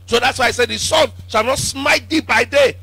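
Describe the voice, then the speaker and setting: Preacher man, high husky voice, call and response, shouty then muttering. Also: moderate pace, no echo. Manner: emphatic call-and-response preaching, swinging from shouts to low asides. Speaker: apostle preaching. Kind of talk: sermon.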